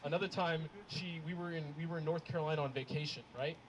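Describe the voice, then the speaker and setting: A young man performing a stand-up comedy set, telling stories in an animated way and laughing at his own jokes. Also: a little high, fast, a little hiss or hum, low-quality recording. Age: young adult. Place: comedy show with a live audience.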